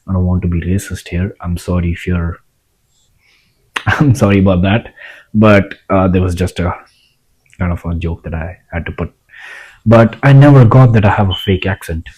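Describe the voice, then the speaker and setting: A man's voice: low voice, normal speed, long pauses, darkish tone, slightly rough, poor audio. A young man, talking casually to the camera in a rambling way, repeating himself and restarting lines. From India. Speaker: vlogger.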